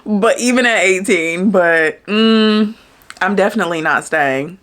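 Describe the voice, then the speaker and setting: A woman's voice: medium pitch, a little slow, a bit bright. A woman hosting a reaction video, chatting casually with incredulous asides. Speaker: host reacting to a clip.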